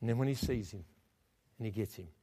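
In an echoey church sanctuary, a male pastor delivers a fervent sermon and calls on the congregation to answer back. His voice is lowish and mellow, and he speaks at a quick pace.

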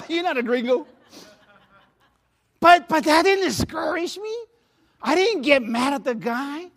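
High-voiced Spanish-accented man preaching. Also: lively intonation, slow, pauses often. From Latin America. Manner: repeats words and restarts, laughs at himself, storytelling. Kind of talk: sermon. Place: church sanctuary.

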